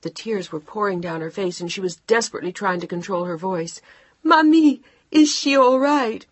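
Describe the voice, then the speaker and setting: Frantic mother shouting into a phone, strained and husky, voiced by a female narrator. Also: fairly low pitch, fairly even intonation, fast, no echo.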